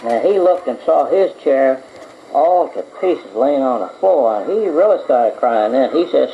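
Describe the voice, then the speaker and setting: Gravelly grandfather telling a bedtime story. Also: medium pitch, animated, normal speed. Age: 50s. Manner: homespun, folksy storytelling. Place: home. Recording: muffled old home tape with faint hiss.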